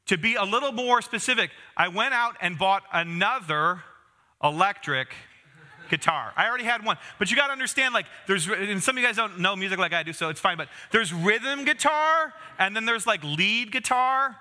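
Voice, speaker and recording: Guy in his 30s giving a sermon, really bright voice, a bit high, jokes around w the crowd. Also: expressive, moderate pace. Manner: conversational, self-deprecating humor with asides to the congregation. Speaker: pastor.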